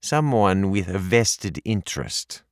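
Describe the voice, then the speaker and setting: A man's voice: medium pitch, huge pitch swings, slow, creaky, a bit bright, no echo, studio quality, voice pushed up, full character voice. A man reading an audiobook and voicing a blunt, menacing male kidnapper who delivers cold, curt threats. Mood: threatening.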